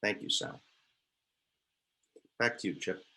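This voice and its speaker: A man moderating a men's group on a video call, relaxed as he reads a note aloud. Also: slow pace.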